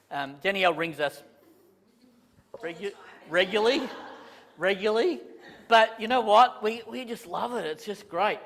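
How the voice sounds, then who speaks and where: A man giving a casual, joking training talk to a live audience, with many restarts. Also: on the high side. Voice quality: chatty, animated, self-deprecating jokes, many restarts. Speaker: property management trainer. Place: conference room with a live audience. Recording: long reverb in a large hall.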